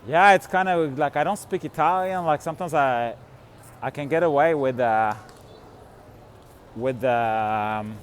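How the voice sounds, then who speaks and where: A man's voice: medium pitch, unhurried, pauses often. A man vlogging as he walks outdoors in a city, talking casually and rambling with many fillers, restarts and frequent laughs. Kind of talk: casual walking vlog. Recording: faint street noise.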